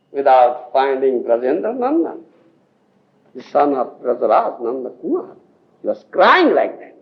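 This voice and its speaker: A medium-pitched male voice with huge pitch swings moves at a measured pace through a scriptural lecture for devotees. The speaker is a spiritual teacher from India with an Odia accent, emphatic, often laughing and asking whether they understand. It comes from a dull lo-fi 1980s tape recording.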